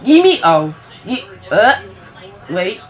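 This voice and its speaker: A young man hosting a home livestream, reacting loudly to a basketball game and shouting at the plays. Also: sits high, big pitch swings, slow pace, soft background music. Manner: loud, shouting and chanting at the game. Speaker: livestream play-by-play host. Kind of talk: excitable live sports reaction.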